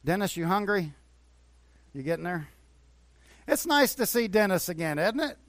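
A man's voice: sits high, sing-song, moderate pace, no echo. Earnest preaching man, dry close sound. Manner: earnest, conversational preaching with repeated phrases. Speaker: pastor. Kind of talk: sermon. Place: church.

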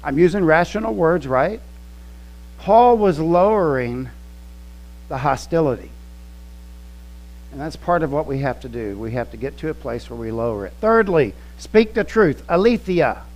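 A man preaching a sermon, teaching slowly and emphatically, quoting scripture and explaining original-language words. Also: a little high, very animated, darkish tone, dull audio. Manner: slow, emphatic teaching with quoted scripture and word studies. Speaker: pastor.

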